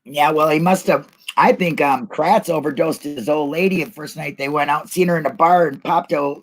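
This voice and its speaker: A woman's voice: low voice, moderate pace, rough recording. A woman co-hosting a livestream in casual chat, rambling and joking and laughing often. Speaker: co-host of a livestream.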